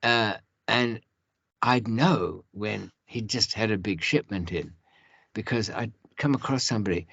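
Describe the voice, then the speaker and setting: A man's voice: on the low side, unhurried, vocal fry, fairly bright tone, no room sound, dull audio. A man who is a podcast guest, telling stories in a rambling way with many restarts and asides. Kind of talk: casual storytelling.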